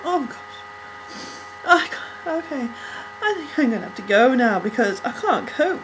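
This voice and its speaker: A woman gushing over a music video in an excitable, flustered reaction vlog, out of breath and struggling to calm down. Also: sits high, normal speed, background noise.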